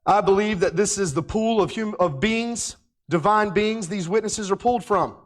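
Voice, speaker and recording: A male Bible teacher with a notably high-pitched voice speaks emphatically, rising to ringing declarations and then dropping to near-murmured asides. He stretches out key words, slowing right down to press a point home. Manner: emphatic, swinging between loud declarations and quiet asides; slows down to stress key words.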